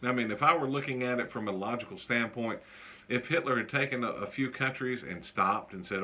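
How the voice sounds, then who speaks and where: Male teacher lecturing to class, jokey, lots of ums, bright voice. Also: mid-range voice, a little fast. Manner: casual and joking, with many fillers.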